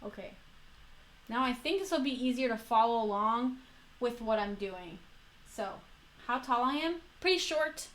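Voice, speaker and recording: A woman's voice: a little high, animated, moderate pace, pauses often, fairly bright tone. A young woman with a Florida accent, chatting casually on a livestream while building a model kit, rambling and correcting herself as she goes.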